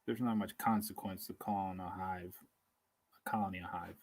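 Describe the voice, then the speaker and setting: A man's voice: deep voice, fairly even intonation, moderate pace, darkish tone, low-quality recording. A man hosting a live stream outdoors, chatting in a rambling, casual way, hungry and tired, chuckling as he reads comments aloud. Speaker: beekeeping livestream host.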